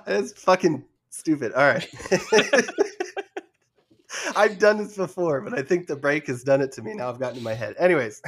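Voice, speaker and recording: A man's voice: on the high side, lively intonation, moderate pace. A young man hosting a casual gaming podcast, nervous and laughing often at himself. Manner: nervous, laughing, self-deprecating. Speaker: podcast host.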